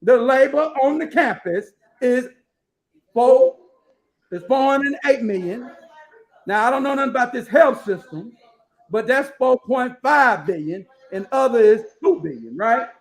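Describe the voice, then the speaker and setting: Man, high voice, host, casual live commentary, blunt, profane, rambling, reads aloud from screen. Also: lively intonation, measured pace.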